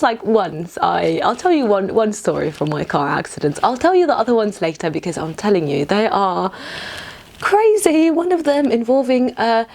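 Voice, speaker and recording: A young woman from Palestine, hosting a casual vegan cooking video and telling stories with giggles. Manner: chatty, giggly, acts out relatives in high voices. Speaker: vegan cooking channel host. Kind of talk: casual cooking tutorial and storytelling.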